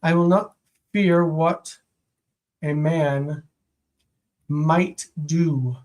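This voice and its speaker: During a live-streamed homework review, a teacher reads each Hebrew phrase and translates it piece by piece, pausing at length between fragments and correcting small slips. The pace is unhurried and deliberate, and the steady, middle-pitched voice is a little mellow. The recording is low quality.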